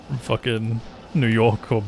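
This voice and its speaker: A man's voice: mid-range voice, flat delivery, a little slow, vocal fry, darkish tone, slight background noise. A young man with an Australian accent, a streamer chatting casually over gameplay, rambling with lots of filler words and swearing. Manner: rambling, full of "like", swears freely.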